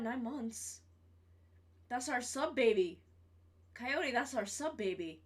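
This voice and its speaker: A woman's voice: fairly high pitch, expressive, slow, long pauses. A woman streamer chatting casually to her viewers, swearing freely and repeating her greetings. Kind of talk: casual live-stream chat.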